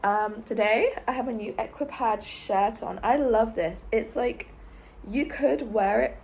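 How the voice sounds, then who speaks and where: A young woman vlogging casually, her voice a little hoarse after being ill, talking in a chatty, bubbly way. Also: a little high, a little slow, a little mellow. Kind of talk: casual vlog chat.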